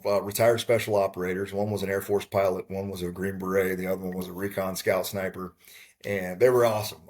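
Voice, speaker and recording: A man chatting as a podcast guest, telling a lively story with acted-out quotes. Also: on the low side. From Texas. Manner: animated storyteller, acts out quotes. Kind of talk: casual storytelling chat.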